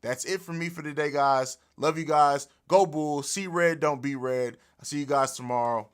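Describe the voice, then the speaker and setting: A man hosting a casual sports podcast livestream from a home studio, animated and profane, laughing often, recorded on an overhead mic. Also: a little high, normal speed, clear, resonant tone. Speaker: podcast host.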